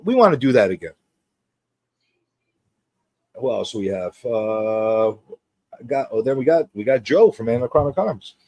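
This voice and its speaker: A man hosts a casual livestream, rambling and teasing as he greets viewers. His pitch swings widely from line to line. The sound is dry and close, with no room around it. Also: animated, a little slow, long pauses, darkish tone, no echo. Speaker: host.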